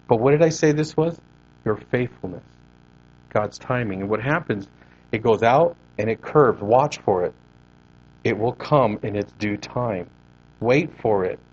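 A man preaching a sermon, animated and conversational, moving his hands as he talks. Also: mid-range voice, moderate pace, dull audio. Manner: animated preaching with hand gestures. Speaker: pastor.

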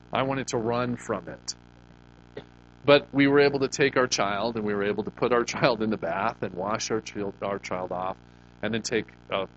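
The recording is low-quality with slight background noise, and the middle-aged man speaking has a fairly low pitch. He's a pastor delivering a sermon like a folksy chat, telling personal stories and frequently asking his congregation questions.

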